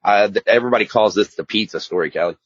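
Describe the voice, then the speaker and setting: Speaking very fast, this man has a fairly low pitch and a breathy edge, captured in a dry, slightly muffled recording. He is an addiction specialist and author appearing as a guest, sharing his story in a candid, rambling, emphatic way during a casual storytelling interview.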